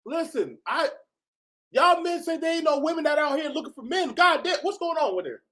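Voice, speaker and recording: A man hosting a reaction video, talking in an animated, exclaiming way and laughing often. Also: very high-pitched, brisk. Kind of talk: reaction commentary.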